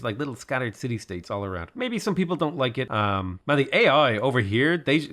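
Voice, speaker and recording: A man's voice: medium pitch, fairly bright tone. Chatty man narrating a strategy game. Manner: chatty, rambling, playful asides and hums. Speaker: gaming YouTuber. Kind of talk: casual gameplay commentary.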